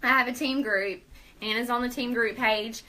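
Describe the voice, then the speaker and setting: A bright, high-pitched young woman hosts a casual live video chat. She talks in an upbeat, persuasive way and laughs often. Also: fairly even intonation, normal speed, rough recording. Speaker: host.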